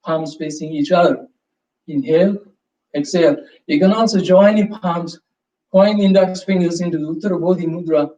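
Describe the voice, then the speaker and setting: A man leading a live yoga class, giving calm, slow, step-by-step cues with prompts to breathe. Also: on the high side. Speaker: yoga instructor. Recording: roomy, distant, slightly dull sound.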